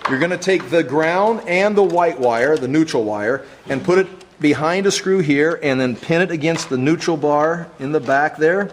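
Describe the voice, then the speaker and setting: A man's voice: a little high, moderate pace, few pauses. A man teaching a hands-on wiring class, explaining each step and checking that his students are following. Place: classroom workshop. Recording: echoey classroom, faint noise.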